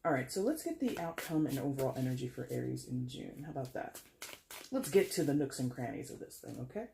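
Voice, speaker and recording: A man's voice: medium pitch, big pitch swings, fast talker, gravelly, warm tone, slight background noise. A man hosting a casual tarot reading for his viewers, talking in a chatty, rambling way and correcting himself as he goes. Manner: addresses viewers as guys. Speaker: tarot reader.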